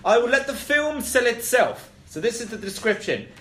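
A man's voice: extremely high pitch, sing-song, normal speed, sharp tone. A man hosting a comedy panel podcast, rambling and swearing as he chats and laughs. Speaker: panel show host. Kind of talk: casual comedic podcast banter. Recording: roomy echo.

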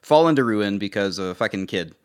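A man's voice: on the low side, animated, a little fast, clear, resonant tone. A man co-hosting a casual podcast, recapping a movie's plot with sarcastic, sweary asides. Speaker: podcast co-host.

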